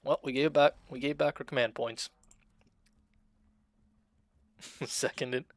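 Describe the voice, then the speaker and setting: A man casually commenting while streaming a video game, talking in a fairly monotone way and reading the game's options aloud. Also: mid-range voice, moderate pace, no room sound. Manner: self-described monotone, dry delivery.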